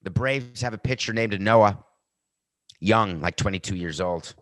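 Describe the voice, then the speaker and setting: Male podcast host, lowish voice, dry close sound, quick jokey sports banter. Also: dry recording. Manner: animated, tangents and jokey asides. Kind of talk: sports betting talk.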